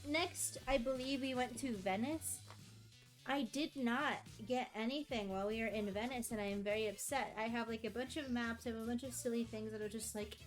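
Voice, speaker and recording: A woman's voice: a little high, normal speed, soft background music. A young American woman streaming, rambling through a travel story in casual chat, self-mocking and acting out quotes. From United States.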